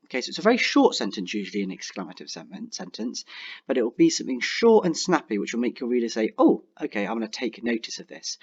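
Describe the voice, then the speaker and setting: A young man teaching a writing lesson online, talking clearly and encouragingly and slowing down to dictate example sentences. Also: medium pitch, huge pitch swings, muffled recording. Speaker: primary school teacher.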